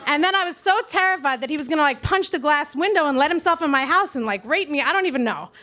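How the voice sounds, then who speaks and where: Brooklyn-raised woman, high-pitched, live slam storyteller, salty and self-deprecating. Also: fast talker. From Brooklyn, New York. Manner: profane, self-mocking, animated.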